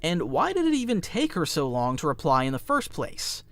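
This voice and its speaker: A man's voice: on the high side, huge pitch swings, moderate pace, a bit bright, faint music behind. A man narrating a commentary video in a wry, opinionated way.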